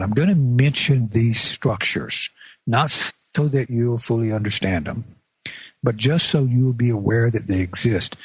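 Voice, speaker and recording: A man talks through a lesson on a radio show in a plain, measured way, now and then restarting a phrase. His voice has a husky edge, and the sound is dry and close with no room echo. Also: medium pitch. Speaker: radio show presenter teaching. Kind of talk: instructional radio talk.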